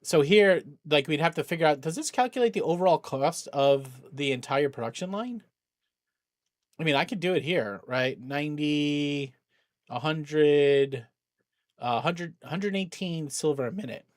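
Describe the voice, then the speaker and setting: Middle-aged guy streaming, kinda high voice, dry close sound, restarts a lot, gets loud greeting people. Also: a little slow, no room sound. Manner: animated, thinks aloud with many restarts; greets viewers with loud excitement. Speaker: charity streamer. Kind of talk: casual livestream chat.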